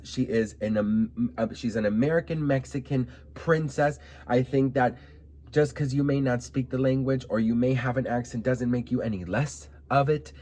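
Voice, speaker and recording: A man giving sassy, animated commentary to camera, often calling the viewer girl. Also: medium pitch. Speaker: vlogger.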